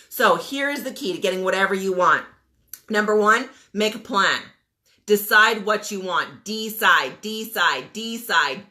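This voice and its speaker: A woman's voice: mid-range voice, pushed and bright. A woman in her forties giving a motivational rant as a coach, emphatic and blunt, firing rhetorical questions and repeating commands. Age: 40s. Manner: blunt, mild swearing.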